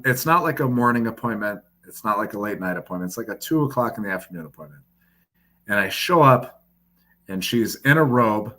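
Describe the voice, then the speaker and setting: A man, a podcast guest, telling a profane, lively anecdote full of quoted dialogue. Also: mid-range voice. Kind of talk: casual storytelling.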